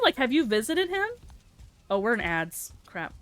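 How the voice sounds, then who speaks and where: A woman live-streaming a game, chatting casually and playfully with her viewers and reacting out loud to the action. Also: mid-range voice, big pitch swings, a little slow, no echo. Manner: chatty and playful, breaks into yelps and laughter. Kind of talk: casual live-stream chat while gaming.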